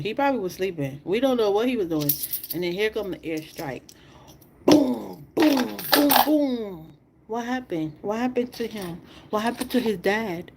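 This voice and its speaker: A woman's voice: mid-range voice, noisy background. Woman livestreamer, emotional monologue, holding back tears, keeps repeating herself, mid-range voice. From outside the United States. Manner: impassioned, repetitive, rhetorical questions.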